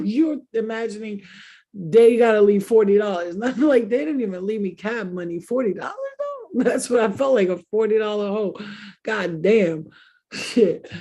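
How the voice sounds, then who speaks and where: A young woman hosts a casual chat with a husky, breathy voice at a middle pitch. She tells candid, crude stories and laughs often. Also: mellow. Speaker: host.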